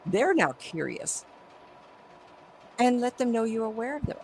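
A woman's voice: on the high side, very animated, unhurried, long pauses, noisy background. A middle-aged woman, a psychic medium, telling stories animatedly in an interview and acting out the voices. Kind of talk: conversational interview storytelling.

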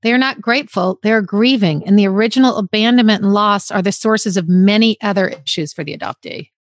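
A woman's voice: medium pitch, a little fast, no echo, studio quality. A woman co-hosting a podcast, chatting casually, reading a passage aloud and leading into the next guest. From Florida. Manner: reads aloud and leads into segments. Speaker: podcast co-host. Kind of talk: casual chat.

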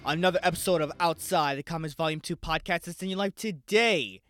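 A young man hosts a casual solo podcast in a fairly high voice, excitable and quick to swear as he talks straight to his listeners. The sound is dry and close, with no room around it. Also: clear, resonant tone, no echo, faint music behind. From United States. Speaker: podcast host.

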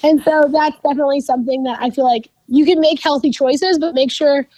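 A woman's voice: high voice, steady tone, brisk, mellow, no room sound, rough recording. A woman in her twenties, a podcast guest chatting casually about faith and life, who says "like" constantly. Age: 20s. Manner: chatty, fills with "like" a lot. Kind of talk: casual faith-based chat.

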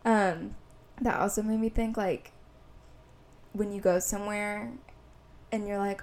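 A woman's voice: mid-range voice, steady tone, a little slow, darkish tone. A young woman from the Midwest chats on a podcast in a frank, easygoing way. She swears now and then and keeps things loose and conversational. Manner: chatty, frank, swears casually. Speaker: podcast co-host. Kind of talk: casual chat.

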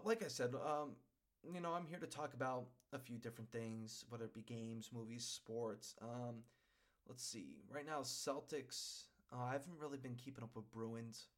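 A man's voice: medium pitch, fairly bright tone. A man from Western Massachusetts hosting his own podcast, rambling and worked up, tagging his points with "okay?". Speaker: podcast host. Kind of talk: casual solo podcast chat.

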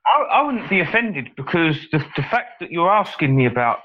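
A man's voice: on the high side, very animated, a little fast, slight background noise. A man with an English accent chatting casually on a podcast, hesitant and often repeating his words. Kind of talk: casual chat. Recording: muffled lo-fi audio.

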